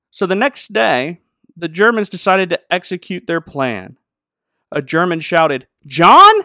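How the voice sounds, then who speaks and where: A man hosting a comedy show, chatting and telling jokes in a playful, animated way. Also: on the high side, dry recording, studio quality. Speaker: podcast host. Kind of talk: comedic chat and joke telling.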